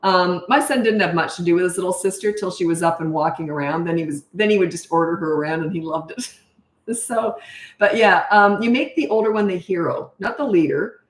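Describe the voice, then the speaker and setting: A woman's voice: on the low side, echoey room. A middle-aged woman, a parenting coach, answering questions in a frank, chatty way and laughing at herself. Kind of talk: casual live Q&A chat.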